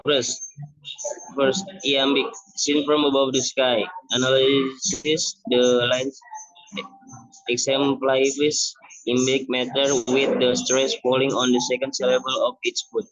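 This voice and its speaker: Halting young man presenting class work. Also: mid-range voice, flat delivery, a bit bright, dry recording. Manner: halting, restarts words often. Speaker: student presenter. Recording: dull lo-fi recording.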